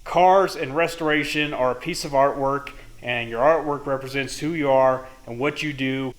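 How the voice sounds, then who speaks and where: Chatty man in his garage. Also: on the high side. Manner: chatty, jokey, relaxed explaining. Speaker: host of a car restoration channel. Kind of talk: casual how-to vlog. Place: home garage.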